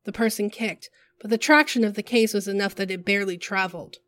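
A woman narrating a work of fiction in a measured, vivid storytelling manner. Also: medium pitch, fairly bright tone, no room sound.

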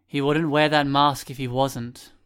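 A man voicing a bitter teenage boy with glasses who talks in a loud, accusing way. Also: mid-range voice, level tone, a little slow, smooth, natural voice. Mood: scornful.

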